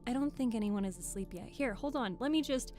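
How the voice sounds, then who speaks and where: Chatting and joking with viewers on her live stream, this young streamer and audiobook reader speaks into the microphone with an animated delivery at normal speed. Her voice is a little high and dark in tone, with soft background music.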